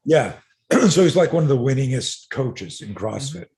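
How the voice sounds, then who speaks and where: A middle-aged man, a self-defense coach, telling stories as a podcast guest in an animated way, swearing casually and full of fillers. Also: mid-range voice, normal speed.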